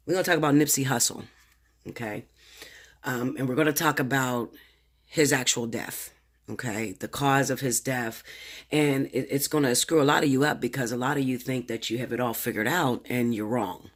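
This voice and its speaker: A man's voice: mid-range voice, normal speed. A man working as a tarot reader, talking casually to his viewers at home late at night, nervous and rambling, stammering and swearing freely in slang. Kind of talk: casual direct-to-camera talk.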